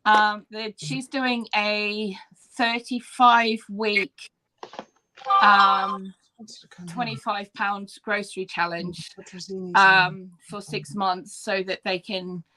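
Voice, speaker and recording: A woman's voice: mid-range voice, level tone, very slow, pushed and bright. A woman, a guest on a live video chat, talking enthusiastically with many ums. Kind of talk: casual chat.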